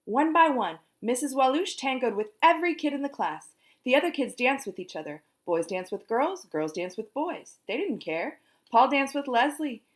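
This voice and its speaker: A woman reading a children's book aloud, animated and singing out the sound effects herself. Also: high voice, normal speed. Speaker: storyteller.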